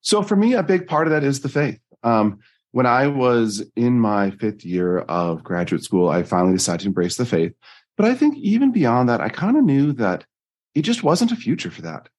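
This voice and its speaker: A man, a life coach, telling personal stories in an earnest, animated interview style. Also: moderate pace. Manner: earnest, animated storytelling with jumps in pitch. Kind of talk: conversational interview storytelling.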